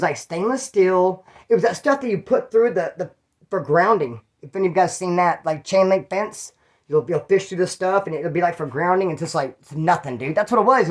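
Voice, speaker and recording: A man from California telling stories in a casual, rambling way, full of street slang and swearing. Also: high voice. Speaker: channel host telling prison stories. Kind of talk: casual storytelling.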